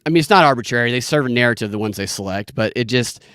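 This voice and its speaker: A man's voice: medium pitch, very fast, a bit bright, smooth, no echo, studio quality. A man hosting a podcast, telling long rambling stories in casual chat with lots of restarts. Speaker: podcast host.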